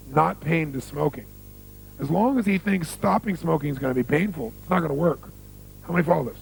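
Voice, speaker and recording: A man's voice: fairly high pitch, gravelly, a little hiss or hum, rough recording. A man giving a motivational seminar talk on stage, telling stories, repeating key phrases for emphasis and quizzing the audience. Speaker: motivational speaker.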